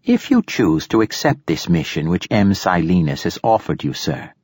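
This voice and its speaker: A man's voice: low voice, big pitch swings, normal speed, darkish tone, slightly rough, no room sound, heavily acted. A man voicing a formal, deferential male android servant in an audiobook. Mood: polite. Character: formal android manservant, polite and loyal.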